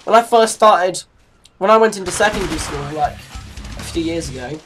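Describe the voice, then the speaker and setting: Soft music plays behind this English-accented teenager in their late teens, who hosts a gaming channel. The commentary is rambling and chatty with giggly asides, delivered at normal speed in an animated, mid-range, slightly bright voice.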